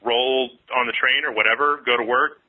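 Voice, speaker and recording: A man calling in to a gaming show who explains his ideas quickly and with enthusiasm. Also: medium pitch, steady tone. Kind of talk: casual call-in chat. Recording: tinny phone line.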